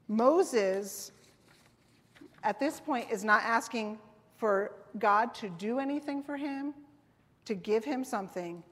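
A woman's voice: a little high, animated, slow pace. A woman preaching a sermon in a conversational way, often asking the congregation "right?" and "amen?". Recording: long reverb of a hall.

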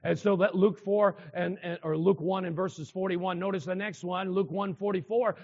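A man's voice: sits high, normal speed, few pauses, a little mellow. A man preaching a sermon to a congregation, emphatic, repeating key phrases and asking the listeners questions. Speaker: pastor. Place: church hall with a congregation. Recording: dull sound with long hall reverb.

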